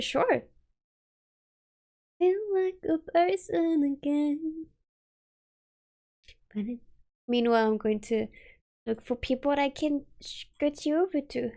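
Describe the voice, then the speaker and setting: A woman with a slightly high, gravelly voice chatting casually on a live stream. She giggles often and reads chat aloud in a loose, chatty way, talking into a desk mic at home. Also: expressive, moderate pace, pauses often, darkish tone.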